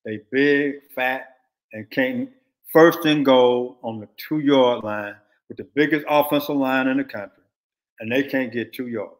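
A man's voice: medium pitch, measured pace. An older man from Texas, a former football coach, giving blunt, emphatic football analysis in casual talk and repeating his points.

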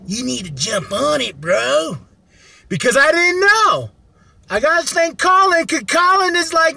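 A man reviewing an album in a casual, profane vlog, excitable and prone to loud rants. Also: high voice. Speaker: music review vlogger.

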